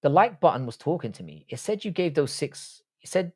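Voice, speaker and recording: A man's voice: fairly high pitch, sing-song, fairly quick, slightly rough. A young Irish man hosting a casual livestream, reading chat aloud and answering with blunt, profane banter. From Republic of Ireland.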